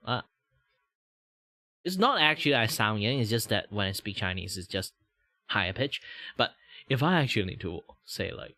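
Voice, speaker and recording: Slow-drawling Malaysian-accented streamer man. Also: on the low side, lively intonation, sharp tone, no room sound, clean studio sound. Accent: Malaysian English. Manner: slow, drawn-out, rambling with swearing. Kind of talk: casual stream chat.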